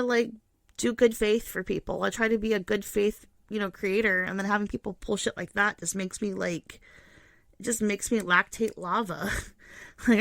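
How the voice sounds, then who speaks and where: Gravelly, blunt, foul-mouthed woman ranting. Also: medium pitch, no room sound, clean studio sound. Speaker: erotic voice actress and online creator. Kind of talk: casual vlog rant.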